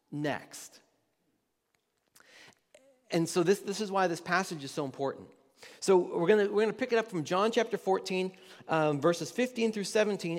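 A pastor giving a conversational sermon, quizzing the congregation and often restarting his sentences. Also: sits high. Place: church hall with an audience. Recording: long hall reverb.

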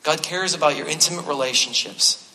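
Pastor guy preaching, bright fairly high voice, chatty and jokey, long church-hall echo. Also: a little fast. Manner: conversational preaching with self-deprecating humor, repeating key phrases. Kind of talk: sermon. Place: church sanctuary. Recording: long reverb of a large hall.

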